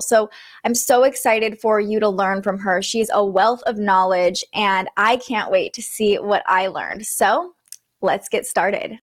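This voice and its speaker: A woman hosting a spiritual interview livestream, upbeat and enthusiastic, in her thirties. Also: medium pitch. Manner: bubbly, enthusiastic. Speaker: host.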